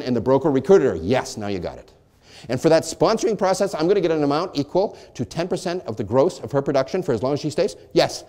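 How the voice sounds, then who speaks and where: A man's voice: on the high side, darkish tone. A middle-aged man presenting at a lunch seminar, asking questions aloud and answering them himself as if playing both sides. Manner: asks and answers his own questions, voicing both sides. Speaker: real estate brokerage presenter.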